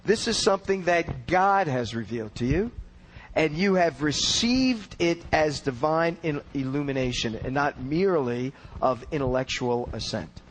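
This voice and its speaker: A man with a voice pitched a bit above the usual male range teaches scripture verse by verse. He speaks earnestly and explains as he goes, pressing hard on the words he wants to stress. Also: lively intonation, moderate pace, a little hiss or hum, poor audio. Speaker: Bible teacher. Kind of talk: expository Bible teaching.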